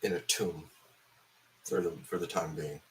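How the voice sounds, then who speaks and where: A man's voice: deep voice, steady tone, unhurried, a little hiss or hum. A hung-over man ranting about a film in a profane, angry, rambling way, full of fillers. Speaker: film reviewer.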